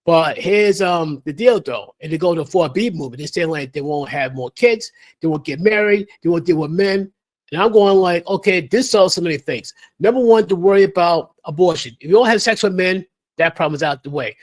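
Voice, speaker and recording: Man, high-pitched voice, emphatic, repetitive, lecturing livestream rant. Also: fairly quick. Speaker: livestream host.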